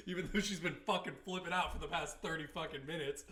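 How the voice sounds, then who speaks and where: A man's voice: fairly high pitch, fast, few pauses, pushed and bright, reverberant. A man hosting a casual reaction video, laughing often, cursing, and mocking the people he watches.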